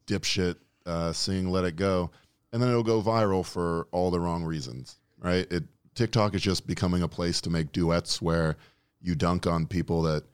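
A man hosting a podcast, telling crude jokes in a wry, deadpan way during casual chat. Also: deep voice, clean tone, dry recording, clean studio sound. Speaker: podcast host.

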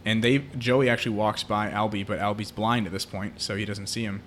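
A man's voice: fairly low pitch, flat delivery, brisk, fairly bright tone, slight background noise. A man co-hosting a podcast, retelling a film plot in casual chat, with many fillers. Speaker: podcast co-host.

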